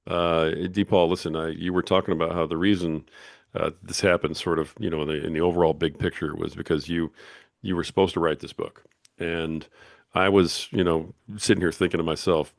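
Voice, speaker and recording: A man hosting a podcast puts measured, reflective questions to his guest. His voice is very low, and the recording is close and dry. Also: steady tone, vocal fry, no echo. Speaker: podcast host. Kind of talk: interview host questions.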